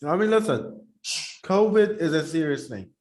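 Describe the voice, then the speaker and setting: Male podcast co-host, high-pitched, rambling casual chat. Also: moderate pace. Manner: rambling, animated, talks while eating.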